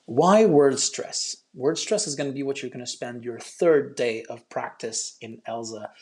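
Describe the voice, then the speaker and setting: A man's voice: mid-range voice, measured pace, a little mellow. A man teaching an online English pronunciation lesson, chatty and encouraging, explaining step by step with frequent ums.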